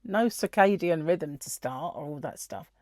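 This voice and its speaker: Woman, middle-aged, lively pitch swings, dry close sound, giggly rambling chat. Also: unhurried, dry recording. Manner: chatty, giggly, rambling storytelling. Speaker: crochet vlogger. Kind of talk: casual chat.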